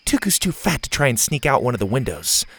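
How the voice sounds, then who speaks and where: A man's voice: mid-range voice, very animated, fast, gravelly, a bit bright, husky, heavily acted. A man voicing a confident, teasing girl camper with a wry, sarcastic way of talking.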